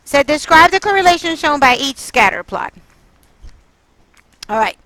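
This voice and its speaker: A woman's voice: sits high, lively intonation, normal speed, pushed and bright, no room sound, poor audio. A woman math teacher leading a classroom lesson, quizzing her students and coaxing answers out of them. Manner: coaxing, quizzing students, exasperated then apologetic.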